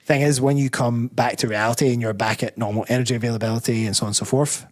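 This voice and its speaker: A Scottish personal trainer speaks as a guest in a casual interview, reflective and rambling, often correcting himself mid-sentence. He talks fast in a mid-range voice with fairly even intonation.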